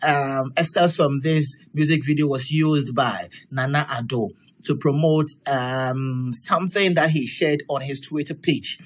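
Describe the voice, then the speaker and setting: A Ghanaian man with a Ghanaian accent hosting a casual chat, reading out social media comments, mixing English and Twi with lively reactions. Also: mid-range voice, measured pace, slightly rough. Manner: mixes English and Twi, laughs and reacts loudly.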